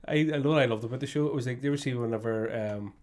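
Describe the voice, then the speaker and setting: A man's voice: medium pitch, rapid-fire. A man, co-hosting a podcast in casual chat, swearing often while telling stories. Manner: swears a lot, animated storytelling. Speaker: podcast co-host.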